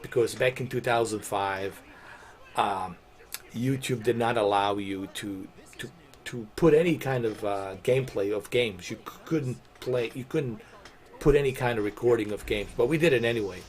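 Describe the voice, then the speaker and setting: A middle-aged gaming streamer with a medium-pitched voice talks at a moderate pace. He rambles in a laid-back way during casual game-stream chat, saying "dude" and "man" a lot.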